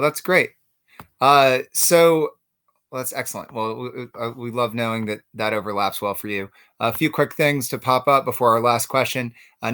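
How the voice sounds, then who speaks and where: A man's voice: mid-range voice, sharp tone, clean tone. A man hosting an interview in a friendly way, passing along viewer comments and asking questions. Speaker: interview host. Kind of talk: hosted interview.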